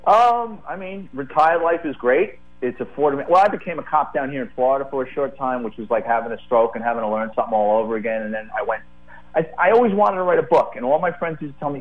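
New guy calling in, tinny phone audio, animated storyteller. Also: mid-range voice. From the Bronx, New York. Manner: animated, quick to tell a funny story. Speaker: guest, retired police detective. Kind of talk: casual storytelling. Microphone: phone call.

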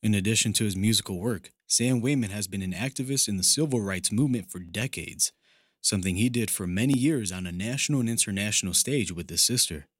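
A male radio news reporter delivers a scripted story in a measured, even way. His voice sits very low. The sound is dry and close. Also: no echo.

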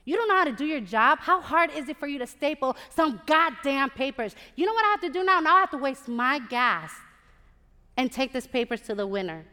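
An enraged male program director hurls contemptuous insults, acted out by a woman telling a story on stage. His shouted lines ring through a large theater with a long echo. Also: high-pitched, fast talker, few pauses. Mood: furious.

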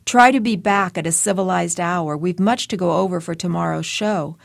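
A woman reading the part of a strained, sharp-tongued radio and TV personality, speaking in a clipped, cutting way. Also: fairly low pitch, moderate pace, gravelly, no echo, studio quality.

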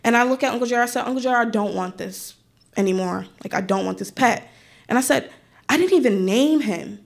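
A woman's voice: a little high, fast, creaky. A young woman telling a funny personal story on stage, acting out her relatives' voices with lots of energy. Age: young adult. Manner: animated, acts out relatives' voices.

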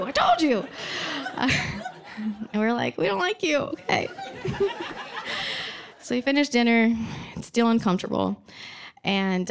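Gravelly-voiced woman telling a comic story. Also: mid-range voice. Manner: comic, conversational, laughing often. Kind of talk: live storytelling on stage. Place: live event stage.

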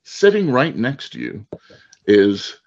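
Male radio host, lively pitch, playful teaser, lo-fi audio. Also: slow, vocal fry. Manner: playful, teasing. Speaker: radio sports show host. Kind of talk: radio interview, joking. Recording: slightly dull lo-fi sound.

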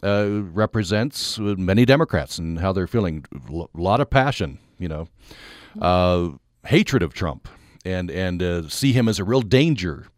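A man hosting a public radio call-in show, talking in a halting way with many fillers. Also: deep voice, animated, no echo, clean studio sound. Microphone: studio mic.

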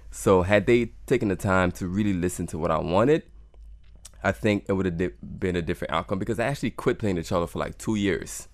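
A man's voice: low voice, brisk, no room sound. A man, a cellist, talking earnestly in an interview and reflecting on his music. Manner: earnest, reflective, repeats words. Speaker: cellist guest. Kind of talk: conversational interview.

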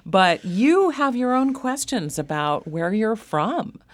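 A woman hosting a public radio interview, asking questions in a measured way. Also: mid-range voice, sing-song. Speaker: radio host.

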